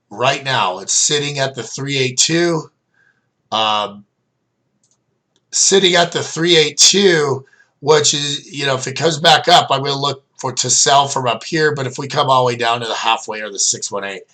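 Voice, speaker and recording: A man's voice: mid-range voice, bright, forceful tone. A middle-aged man casually walking viewers through trading charts as their coach, rambling with lots of fillers and restarts. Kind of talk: casual screen-share chart review.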